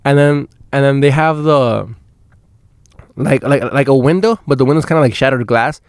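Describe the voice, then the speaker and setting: A man's voice: medium pitch, moderate pace, clear, resonant tone, no echo, studio quality. A man hosting a podcast, telling casual stories in a rambling way with lots of swearing and restarts, recorded in a van. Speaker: podcast host. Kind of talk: casual storytelling. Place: inside a van.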